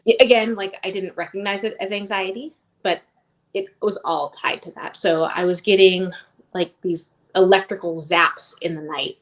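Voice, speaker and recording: A woman's voice: medium pitch, steady tone, normal speed. A woman in her thirties telling her personal story as an interview guest, rambling and emotionally open with lots of "like".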